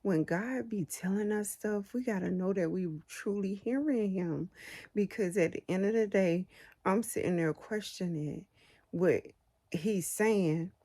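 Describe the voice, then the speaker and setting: A woman shares a personal faith story in a relaxed, conversational way, circling back and restarting her sentences often. Her voice is mellow and warm at a middle pitch, with an easy, unpolished delivery. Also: measured pace. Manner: rambling, conversational, many fillers and restarts. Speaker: Christian storyteller sharing a testimony. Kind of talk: casual spoken testimony.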